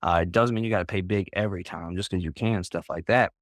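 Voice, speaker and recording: In a group voice call, a male guest tells a story in a casual, rambling way, restarting sentences and relying on "like" and "bro." His voice sits low with a steady tone and quick pace, and the studio-quality recording has no room sound.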